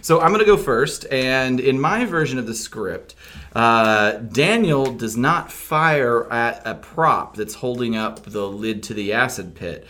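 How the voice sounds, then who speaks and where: A man's voice: medium pitch, animated, measured pace, pushed and bright. A man co-hosting a casual podcast, talking in a laid-back, rambling way with lots of fillers. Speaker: podcast co-host.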